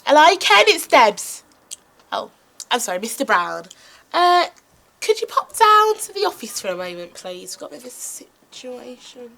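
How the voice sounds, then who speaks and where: A woman's voice: sits high, sing-song, normal speed, creaky, sharp tone, full character voice. A woman playing a placating school receptionist. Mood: polite. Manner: polite, placating, officious. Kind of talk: student comedy drama acting.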